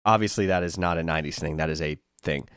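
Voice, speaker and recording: A man's voice: very deep voice, quick pace, a bit bright, clean tone, dry recording, clean studio sound. A man co-hosting a podcast, chatting casually and making wry, joking remarks. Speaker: podcast co-host. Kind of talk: casual chat.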